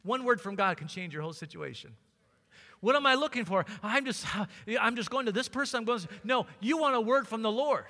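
High, bright-voiced preacher in a hall. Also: male voice, expressive, fairly quick. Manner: preaching with rising fervor, acting out Bible scenes. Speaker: pastor. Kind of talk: sermon.

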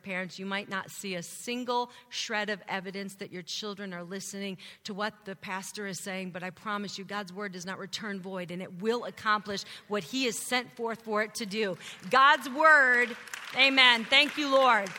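Woman, church testimony speaker, bright higher voice, animated storyteller, long reverb of a hall. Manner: animated storytelling, acting out her teenage self. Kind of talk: testimony sermon.

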